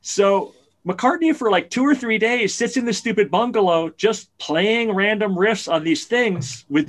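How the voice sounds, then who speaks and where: Animated man telling a music story. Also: sits high. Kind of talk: casual chat.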